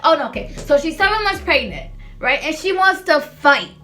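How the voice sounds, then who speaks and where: A woman's voice: sits high, big pitch swings, normal speed, bright, forceful tone, soft background music. A young woman telling a storytime in casual chat, rambling and sassy, swearing freely.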